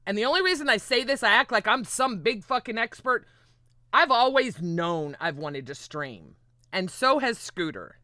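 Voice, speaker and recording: A woman hosting a livestream in casual, rambling chat, excitable and often swearing. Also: fairly low pitch, no echo, studio quality. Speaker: livestream host.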